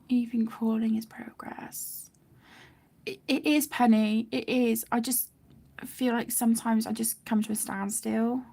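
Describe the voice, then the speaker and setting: A woman hosting a colouring live stream, speaking softly and haltingly, often close to a whisper, emotional and near tears. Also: a little high, fairly even intonation, gravelly. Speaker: colouring channel host. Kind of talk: casual live-stream chat while colouring.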